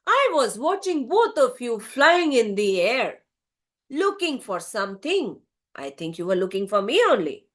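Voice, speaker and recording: A woman's voice: high voice, pushed and bright, exaggerated voice. A woman voicing an annoyed male parrot who scolds two birds, in a told fable. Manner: annoyed, indignant. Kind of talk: storytelling with voices.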